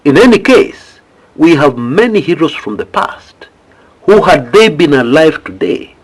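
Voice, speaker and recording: A Kenyan man delivering fervent political commentary, his husky voice swinging widely up and down as he pleads and presses his point. He leans on rhetorical questions and emphatic appeals to his listeners. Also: on the high side. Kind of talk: impassioned political commentary to camera.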